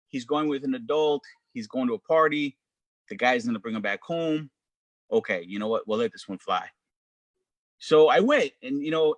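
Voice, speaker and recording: A middle-aged man being interviewed as a DJ guest, telling a story with animated quoted voices. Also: medium pitch, no room sound.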